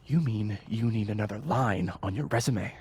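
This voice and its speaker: A smug, theatrical young assistant. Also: male voice, lowish voice, normal speed, a little mellow, husky. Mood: dismissive.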